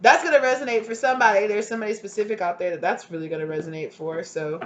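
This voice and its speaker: A tarot reader giving a casual pick-a-card reading, rambling with lots of filler likes and sudden excited bursts. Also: medium pitch, very fast.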